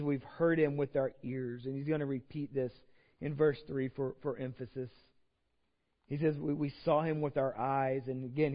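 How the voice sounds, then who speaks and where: A man with a Texan accent preaching a sermon as pastor, earnest and often repeating words as he builds his points. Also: mid-range voice. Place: church. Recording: dull audio with long hall reverb.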